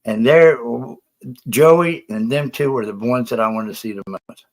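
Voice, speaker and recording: Hosting a laid-back livestream, this man speaks at a medium pitch, a bit slowly but animatedly. He's breathless, rambling, and profane while defending himself.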